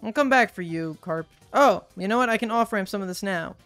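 A woman's voice: mid-range voice, animated, a little fast, fairly bright tone, dry recording. A woman in a mid-range voice chats through her gameplay, cracking jokes and talking to her viewers as she goes. Faint game music plays underneath her voice. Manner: playful, jokey, chatting to viewers. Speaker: gaming video host. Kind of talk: casual gameplay commentary.

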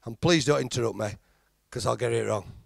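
A man's voice: mid-range voice, fairly quick, vocal fry, dry recording, studio quality. A middle-aged man with a Yorkshire accent doing a chatty, self-deprecating stand-up routine and teasing the crowd. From Halifax, England. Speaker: stand-up comedian.

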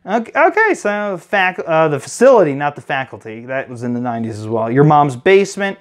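A man hosting a casual card game review, reading cards aloud with excited reactions. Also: a little high, fairly quick. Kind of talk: casual chat.

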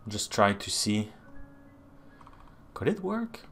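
A man's voice: lowish voice, very animated, takes it slowly, fairly bright tone, slightly rough, soft background music. A man with a Quebecois French accent, live-streaming as he codes, thinking aloud and answering chat questions with lots of fillers and restarts. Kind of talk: casual live-stream chat while coding.

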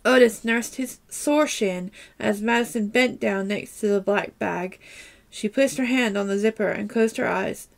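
Storyteller: a woman reading a kids' mystery aloud, mid-pitched, plain delivery, a few restarts. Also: unhurried, creaky.

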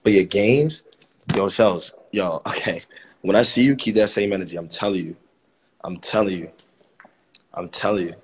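A man's voice: lowish voice, moderate pace, long pauses, background noise. A man in his twenties, chatting casually on a livestream and joking trash talk at his viewers. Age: 20s.

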